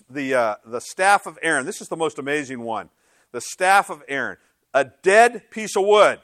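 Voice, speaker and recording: A man's voice: on the high side, sing-song, moderate pace, a bit bright, no room sound, studio quality. A middle-aged male pastor giving a conversational sermon in a church, joking and acting out other people's voices.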